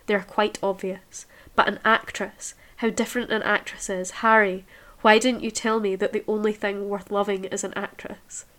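A besotted young gentleman holds forth in grand, declamatory speech, as a woman reads his lines aloud. The pitch stays at a middling level. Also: natural voice. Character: young man, besotted then cold and scornful. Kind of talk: reading a novel aloud.

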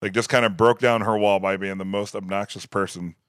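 Bright, forceful man, quick to laugh. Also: lowish voice, clear, resonant tone, dry recording, clean studio sound. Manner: quick to laugh, animated reactions. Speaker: podcast co-host. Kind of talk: casual chat.

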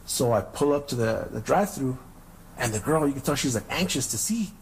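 A man's voice: mid-range voice, expressive, brisk, rough recording. Laid-back profane storyteller guy. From Southern California. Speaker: podcast host. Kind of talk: casual storytelling.

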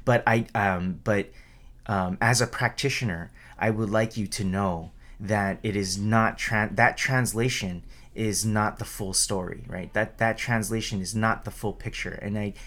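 A man's voice: lowish voice, fairly even intonation, unhurried, a bit bright. A man giving an informal Buddhist dharma talk in a conversational way, tagging sentences with "right?" and restarting often, raising his voice when acting out the quoted calls. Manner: conversational, keeps asking "right?", restarts and repeats words; acts out quoted calls with a raised voice.

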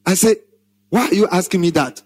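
A man preaching in short phrases, pausing for an interpreter and leading prayer chants. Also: sits high, darkish tone, slightly rough. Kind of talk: sermon with an interpreter, then call-and-response prayer.

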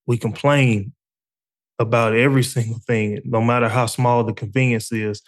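A man's voice: mid-range voice, steady tone, normal speed. A man hosting a casual faith talk, reflective and conversational, with frequent fillers. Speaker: faith podcast host.

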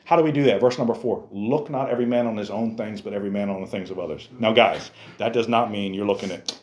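A man preaching a sermon as a youth pastor, animated, firing rhetorical questions at a youth group. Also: lowish voice, quick pace, few pauses, roomy sound.

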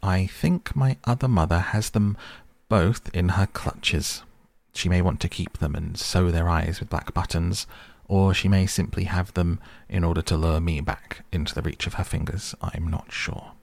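A man's voice: sits low, measured pace, gravelly, pauses often, darkish tone, dry recording, heavily acted. A man voicing a serious, determined young girl. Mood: grave. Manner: earnest, trying to sound grown-up.

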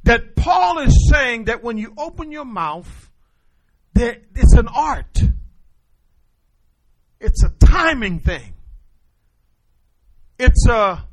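Male pastor, animated call-and-response sermon, voice pitched high and swinging widely. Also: slow pace, long pauses.

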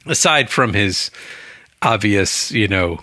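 A man's voice: fairly low pitch, expressive, slow, bright, forceful tone, dry recording, clean studio sound. A man casually discussing a book on a podcast, rambling and chatty with frequent laughs. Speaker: book club podcast co-host.

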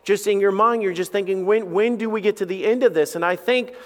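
A man's voice: sits high, fairly quick. A middle-aged man preaching a sermon in a casual, joking way, full of fillers and repeated starts. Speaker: pastor. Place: church sanctuary. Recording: long hall reverb.

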